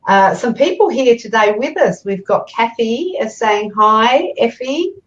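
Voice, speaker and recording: A woman's voice: fairly high pitch, lively intonation, unhurried. A woman hosting a live community interview, enthusiastically greeting viewers by name and asking questions. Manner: enthusiastic, reads out viewer names. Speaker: community TV host. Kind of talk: casual live-stream interview. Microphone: video call. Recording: echoey, dull video-call audio.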